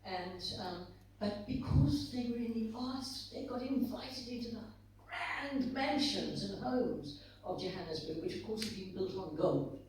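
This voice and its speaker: An older woman from South Africa, speaking as a guest author on a conference stage. She reflects on the past and tells stories as she walks through pictures shown to the audience. Her voice carries loud reverb and sits well away from the mic. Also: mid-range voice, expressive, measured pace, recorded from a distance, slight background noise. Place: conference hall. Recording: very echoey hall, voice from off-mic.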